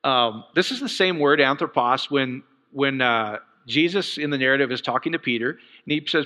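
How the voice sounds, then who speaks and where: A middle-aged man preaching a casual, conversational sermon, animated and rising to fervent outbursts with asides. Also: medium pitch, moderate pace, hardly any pauses, big-room sound.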